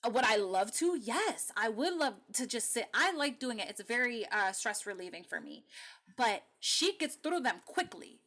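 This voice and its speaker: A young adult woman runs a call-out commentary, reacting to clips with blunt, sarcastic remarks and casual swearing. Her voice sits high. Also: very animated, moderate pace, fairly bright tone.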